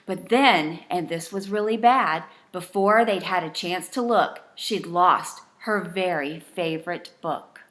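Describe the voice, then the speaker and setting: Slow, gentle woman reading a bedtime story. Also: lowish voice. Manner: rhythmic, gentle rhyming delivery. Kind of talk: bedtime story read-aloud.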